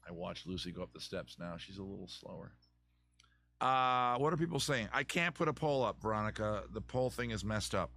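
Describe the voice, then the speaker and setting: A man's voice: fairly low pitch, animated, brisk, creaky, bright, forceful tone. A man hosting a live advice stream, chatting casually and joking as he thinks aloud with many restarts.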